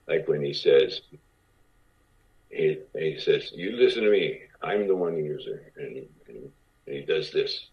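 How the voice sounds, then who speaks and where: A man's voice: very deep voice, husky, lo-fi sound. A man, a guest actor, telling stories in casual talk and acting out other people's lines as he goes. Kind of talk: casual anecdotal storytelling.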